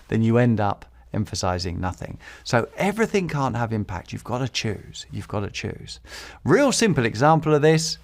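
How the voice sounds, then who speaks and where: A man's voice: medium pitch, gravelly. A man hosting a podcast and teaching public speaking, repeating key phrases for emphasis and chuckling between points. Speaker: podcast host.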